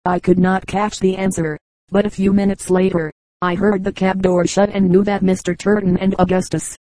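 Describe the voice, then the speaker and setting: A woman reading a novel aloud as a steady, even audiobook narrator. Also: mid-range voice, normal speed, dry recording, rough recording. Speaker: audiobook reader.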